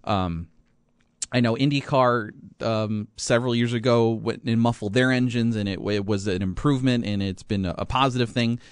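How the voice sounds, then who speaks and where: A man's voice: mid-range voice, moderate pace, clean tone, no echo, studio quality. A man hosting a sports radio show, chatting casually with many fillers and restarts.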